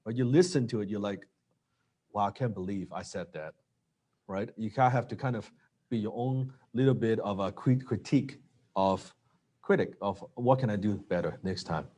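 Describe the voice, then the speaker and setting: A man coaching on sales closing, animated and acting out dialogue. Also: fairly low pitch, brisk, breathy edge. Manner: animated, acts out lines of dialogue.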